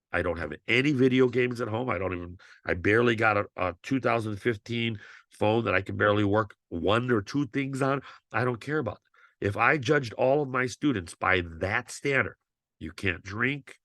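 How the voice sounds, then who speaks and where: Impassioned, cursing male teacher, gravelly voice. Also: on the low side, a bit bright, dry recording, clean studio sound. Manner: impassioned, blunt, swears freely. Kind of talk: lecture to students.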